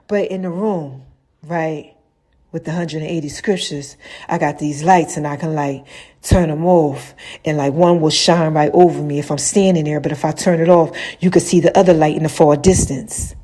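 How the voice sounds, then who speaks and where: Slangy, lively woman podcaster. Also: low-pitched. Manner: chatty, slangy, swings between loud laughs and murmurs. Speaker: podcast host. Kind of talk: casual rambling monologue. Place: room with lights and a mirror.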